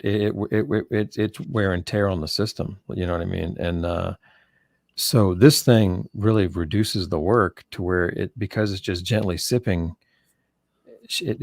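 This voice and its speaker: A man co-hosting a casual podcast chat, relaxed and rambling, often restarting his sentences. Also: deep voice, no echo, studio quality. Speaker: podcast co-host.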